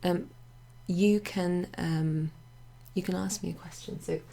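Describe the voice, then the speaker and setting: A woman explains French pronouns in a loose, chatty way, pausing with fillers and wandering into asides. Her voice is low, dark and mellow, with a gravelly, husky edge. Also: steady tone. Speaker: French teacher. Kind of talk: casual explanatory lesson. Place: home near a greenhouse.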